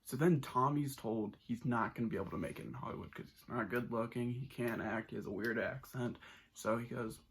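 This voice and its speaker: A man's voice: medium pitch, a little fast, slight background noise. A man giving a casual, enthusiastic spoken movie review, rambling with many restarts.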